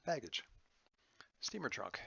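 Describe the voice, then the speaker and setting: A man's voice: takes it slowly, no echo, muffled recording. A man running a tabletop role-playing game as game master, thinking aloud in a rambling, playful way with lots of fillers. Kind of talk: running a tabletop game over an online call.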